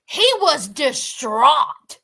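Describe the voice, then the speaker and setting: A woman giving sassy, animated commentary on a reality show, talking straight to her viewers. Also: high voice, very slow, breathy edge. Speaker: reality TV recap host. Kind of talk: casual recap commentary to viewers.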